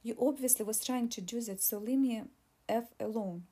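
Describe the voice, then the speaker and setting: A woman's voice: on the high side, normal speed, breathy edge. A woman voicing an angry, nervous male attorney who screams insults in an audiobook reading. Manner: loud, insulting, desperate.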